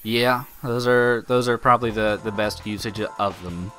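A man's voice: lowish voice, normal speed, pushed and bright. A man hosting a game playthrough, talking in a loose, offhand way with frequent restarts and some swearing. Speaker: let's play host. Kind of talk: casual gameplay commentary. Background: game music.

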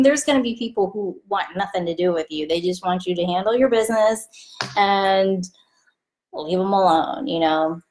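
A woman talking casually about careers and client relationships, chatty and animated, acting out the people she quotes. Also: mid-range voice. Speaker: vlogger giving career advice. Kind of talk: casual talk to camera.

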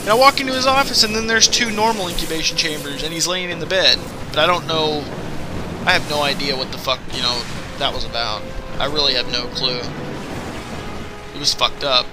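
A man's voice: fairly high pitch, fairly quick, loud music behind the voice. A man in his twenties doing casual after-the-fact game commentary, rambling and swearing as he tells stories. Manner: rambling, profane storytelling. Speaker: gameplay commentator. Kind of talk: casual let's-play commentary, recorded after play.

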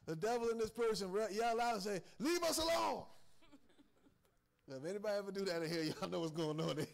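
A man's voice: high-pitched, a little fast, gravelly, a little mellow. A man preaching a sermon in a folksy way, laughing and calling out to his congregation. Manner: folksy, laughing asides, calls and responses to the congregation.

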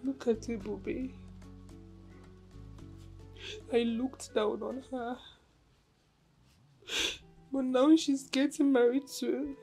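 A woman's voice: medium pitch, moderate pace, a little mellow, faint music behind, lightly acted. An actress with a Nigerian accent playing a young married daughter, sorrowful and apologetic toward her mother. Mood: remorseful. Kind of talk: Nollywood film acting.

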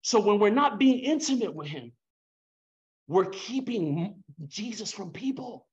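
A man's voice: high-pitched, expressive, moderate pace. A man preaching a sermon with emotion, repeating his phrases for emphasis and slipping into casual slang. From Hispanic background. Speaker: pastor. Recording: dull lo-fi sound.

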